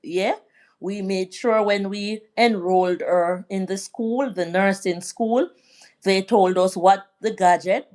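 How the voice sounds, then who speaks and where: A woman's voice: mid-range voice, slow pace. Chatty middle-aged woman from Jamaica. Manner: chatty, rambling, gives shout-outs to viewers. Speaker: vlog host. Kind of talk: casual live-stream chat.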